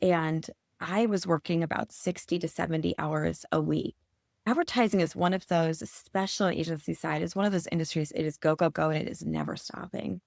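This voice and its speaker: A woman's voice: sits low, brisk, creaky, darkish tone, no room sound, clean studio sound. A woman in her forties from Michigan, a podcast guest telling an earnest, emotional personal story. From Michigan, USA.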